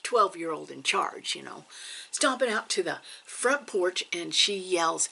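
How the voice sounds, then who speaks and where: A woman vlogger telling a story in a casual, animated way, dropping to hushed asides for drama. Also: on the low side, a little slow, creaky, breathy edge. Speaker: cross stitch vlogger.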